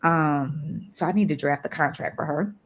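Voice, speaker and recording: A woman in her thirties hosting a casual accountability call, animated and exclaiming in high bursts. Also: moderate pace. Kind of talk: casual group video call chat.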